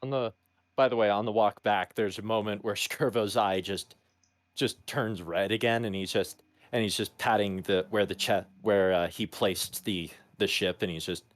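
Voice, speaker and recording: A man's voice: lowish voice, steady tone, moderate pace, no room sound. Rambling man narrating his character. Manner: rambling, restarting storyteller. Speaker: player. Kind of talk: tabletop role-play narration.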